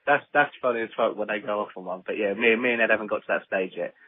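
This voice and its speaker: A man co-hosts a podcast in casual chat, rambling along and laughing easily. His voice is low and husky, and it comes through a thin, phone-like line. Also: fast talker, no echo. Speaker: podcast co-host. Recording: phone-like low-fidelity audio.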